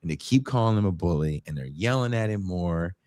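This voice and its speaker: A man's voice: deep voice, lively intonation, a little fast, a little mellow, dry recording, studio quality. A man co-hosting a podcast, animatedly retelling a story in casual chat, swearing now and then. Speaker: podcast co-host.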